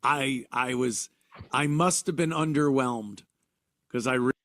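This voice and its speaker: A man talking casually on a podcast, hesitant, pausing with fillers and trailing off. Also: medium pitch, fairly bright tone, no echo. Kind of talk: casual chat.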